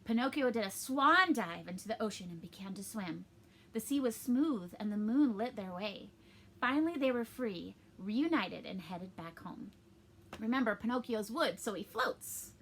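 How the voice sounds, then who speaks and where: A woman's voice: medium pitch, a bit bright, a little hiss or hum. A young woman reading a storybook aloud to children, adding chatty explanations for young listeners.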